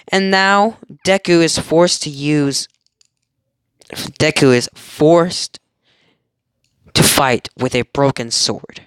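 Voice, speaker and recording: A man's voice: a little high, fairly even intonation, slow pace, long pauses, a bit bright, smooth, no echo, clean studio sound. A young man casually retelling a fan story, rambling, giggling and correcting himself as he goes. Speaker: amateur storyteller.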